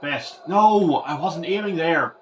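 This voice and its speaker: A man's voice: fairly high pitch, animated, normal speed, dull audio, a little hiss or hum. Exasperated man ranting over a retro game. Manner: exasperated, ranting, shouts at players. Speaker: gaming channel host.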